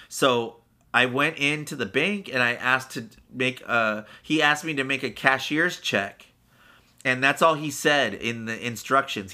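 Bright-voiced man telling a rambling story. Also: mid-range voice. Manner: rambling and candid, with frequent fillers and swearing; animated, acting out other people's lines. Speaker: podcast co-host. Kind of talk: casual storytelling chat.

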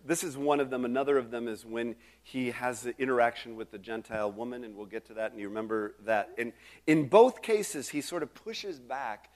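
A middle-aged male pastor preaching a sermon in a conversational way, full of restarts and asides to the congregation. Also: medium pitch.

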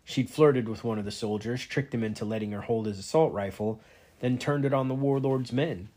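Husky man reading a novel aloud. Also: mid-range voice, brisk. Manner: steady first-person narration. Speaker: reader.

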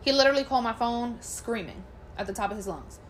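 A young woman with a fairly high voice tells her own story bluntly in relaxed, profane chat. She acts out other people's words as she goes. A faint hiss sits under the recording. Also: fast. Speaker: guest telling her story. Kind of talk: casual chat.

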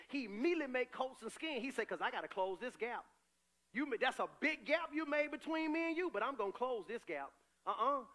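High, bright-voiced animated preacher. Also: male voice. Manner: animated preaching, shifting between loud cries and low asides. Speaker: pastor. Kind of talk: sermon.

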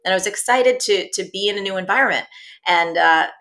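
A woman's voice: mid-range voice, fairly quick, bright, forceful tone. A middle-aged woman, an entrepreneur guest, telling her story earnestly and animatedly with many "you know" fillers. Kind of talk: personal storytelling in an interview.

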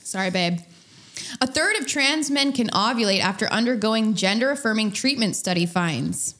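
Lively high-voiced young woman bantering. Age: young adult. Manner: lively, quick punchlines and banter. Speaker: podcast co-host. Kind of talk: casual chat.

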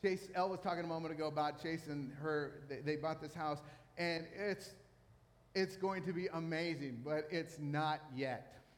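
A male pastor delivers a sermon from a church stage, his voice sitting a little high. He tells stories with lively, self-deprecating humor. The sound rings with the long reverb of a large hall. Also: moderate pace. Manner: storytelling, animated, self-mocking humor.

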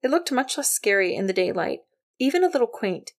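A woman narrating an audiobook in a wry, lively storytelling manner. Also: on the high side, a little fast, creaky.

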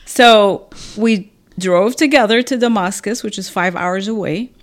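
A woman in her fifties from Syria, a podcast guest telling a personal story in a lively way, acting out what people said. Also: medium pitch, a little slow. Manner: animated, acts out quoted voices with laughter. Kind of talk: casual storytelling.

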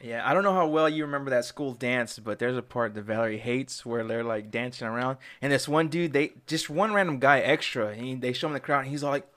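A man is deep in an easy, rambling chat about a movie. He is laid-back and jumps into a higher voice whenever he quotes a scene. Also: a little fast, few pauses, a bit bright.

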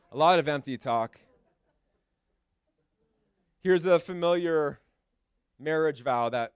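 A pastor delivering a sermon, his voice high and smooth. He drives points home with short, repeated phrases and slips into easy, joking asides. The sound is dry and close, with little room echo. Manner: emphatic, repetitive preaching with short punchy phrases; conversational asides with light humor. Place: church sanctuary.

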